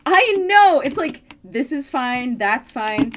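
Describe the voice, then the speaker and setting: A woman's voice: high voice, very animated, slow pace, noisy background. A young woman chatting casually while streaming a game, laughing often and swearing offhandedly. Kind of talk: casual gaming stream chat.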